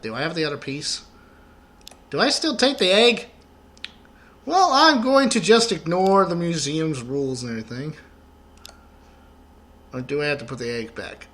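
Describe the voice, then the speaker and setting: A man's voice: fairly high pitch, a bit bright, a little hiss or hum. A man giving rambling, joking let's play commentary while he plays.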